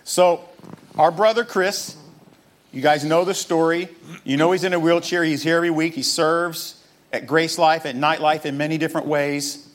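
A man preaching a sermon to a church crowd, emphatic and animated, mixing jokes into his message. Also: a little high, moderate pace. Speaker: pastor. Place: church stage with audience.

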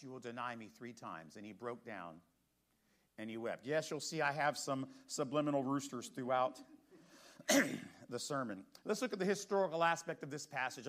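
High-voiced man preaching a sermon. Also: a bit bright. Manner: conversational preaching with rhetorical questions to the congregation. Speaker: pastor.

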